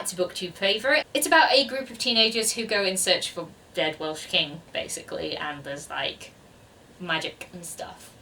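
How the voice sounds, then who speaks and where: A woman's voice: fairly low pitch, creaky, pushed and bright, recorded from a distance, a little hiss or hum. A woman chatting casually to camera about books on her shelves, rambling and self-deprecating. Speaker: BookTuber. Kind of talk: casual book chat to camera.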